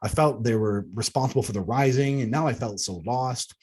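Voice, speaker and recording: A man reads his own memoir aloud in a husky, breathy voice at an ordinary pitch. He is earnest and steps out of the text for casual asides. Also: brisk, darkish tone. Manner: earnest, breaks into laughs at himself. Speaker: author.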